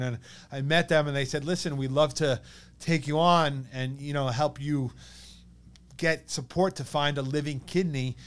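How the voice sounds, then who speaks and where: A man in his thirties with a New York accent, telling a personal story as a podcast guest in an animated way, acting out what others said. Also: medium pitch. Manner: animated, quotes others in lively bursts.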